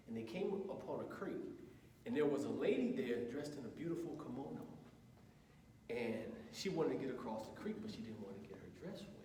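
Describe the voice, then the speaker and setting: A man leading a group session, teaching through anecdotes as an animated storyteller with a laugh in his voice. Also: mid-range voice, slight background noise. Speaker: co-presenter of a couples session. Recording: roomy hall from a distance.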